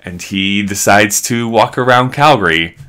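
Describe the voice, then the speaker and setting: A man hosting a live stream, telling a story in an animated, chatty way full of "like". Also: fairly low pitch, a little slow, clear, resonant tone. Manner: animated, chatty, heavy use of "like".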